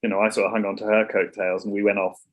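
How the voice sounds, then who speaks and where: A man's voice: on the low side, little pitch movement, racing, lo-fi sound. A middle-aged man, a songwriter talking casually in an interview, rambling with many restarts and repeats. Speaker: songwriter guest.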